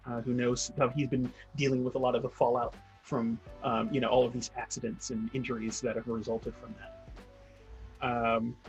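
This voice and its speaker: A man narrating as game master, halting often with fillers and restarts. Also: medium pitch, gravelly, muffled recording.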